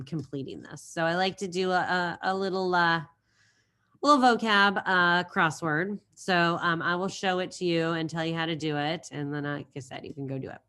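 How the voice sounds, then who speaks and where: A woman's voice: low voice, sharp tone, clean tone. A woman teacher talking her class through a recorded lesson in a chatty way, telling a silly memory story and repeating key phrases.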